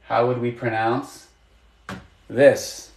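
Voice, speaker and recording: A man's voice: mid-range voice, level tone, very slow, gravelly, darkish tone, reverberant. A man teaching a live online lesson, patient and encouraging, asking students questions and praising their answers. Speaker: Arabic teacher.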